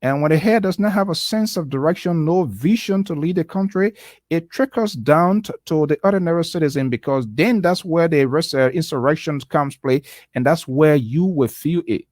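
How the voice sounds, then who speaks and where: A man's voice: on the high side, moderate pace, darkish tone, no room sound, clean studio sound. A man, speaking as a guest on a radio talk show in an impassioned, preachy tone that drives points home by repeating them. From Liberia. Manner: preachy, emphatic, repeats key phrases. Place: radio studio.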